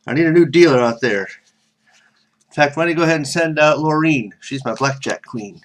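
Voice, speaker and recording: A man voicing a bossy male casino boss in a spoken story, giving brisk orders. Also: a little high, lightly acted. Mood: commanding.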